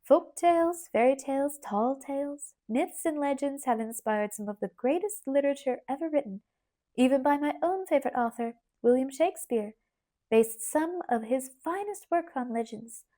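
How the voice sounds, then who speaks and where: A woman voicing a bustling, peppery middle-aged schoolteacher aunt with a twang, speaking in a brisk, teacherly manner in an audiobook. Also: high-pitched, animated, dark tone. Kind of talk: audiobook character voice.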